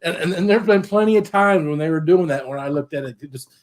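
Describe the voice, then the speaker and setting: A man's voice: a little high, fast. A man in casual chat, rambling and hesitant, with lots of fillers.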